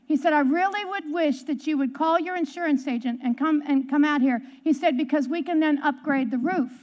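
A woman's voice: high voice, fairly quick. A middle-aged woman preaching, telling a personal story and acting out the quotes. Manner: animated storyteller, acts out quotes. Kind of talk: storytelling sermon.

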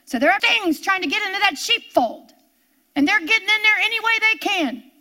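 A woman preaching a sermon with a high, bright, piercing voice. She drives home each point by repeating it, building emphasis as she goes. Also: expressive, a little fast.

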